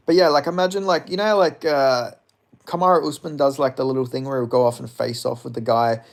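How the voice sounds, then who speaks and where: A man in his twenties chatting casually with his live-stream audience, rambling and swearing as he reads chat. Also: mid-range voice. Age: 20s. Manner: profane, rambling, laughs often.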